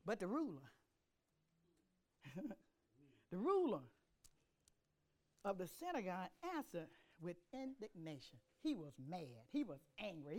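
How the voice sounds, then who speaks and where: A woman preaching a sermon in a church, with call-and-response and swings from loud declarations to hushed asides. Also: high voice.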